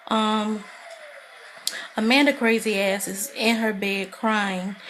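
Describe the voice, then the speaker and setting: A woman casually recapping a TV drama episode in a chatty, animated way, acting out the characters' lines. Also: medium pitch, slow pace, slight background noise. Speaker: TV recap vlogger.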